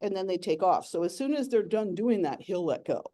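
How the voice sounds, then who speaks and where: A woman's voice: medium pitch, lively intonation, a little fast, dark tone. A young adult woman giving a playful, giggly nature talk as an educator.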